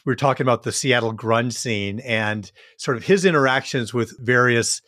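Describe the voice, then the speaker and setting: Male host, average pitch, relaxed conversational interviewer, dry close sound. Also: normal speed, dry recording. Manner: easygoing, conversational questioning. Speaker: podcast host. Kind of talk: interview questions.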